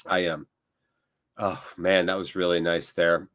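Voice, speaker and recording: A man's voice: sits low, steady tone, measured pace, a bit bright. An American man hosting a live football watchalong, chatting in a rambling, casual way straight to his viewers, sounding emotionally drained. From United States. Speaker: watchalong host.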